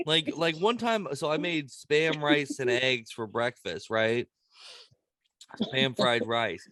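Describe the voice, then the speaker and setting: A man's voice: fairly high pitch, fairly bright tone, dry recording, studio quality. A young man hosting a podcast, telling stories in casual chat, laughing often and swearing freely. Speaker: podcast host.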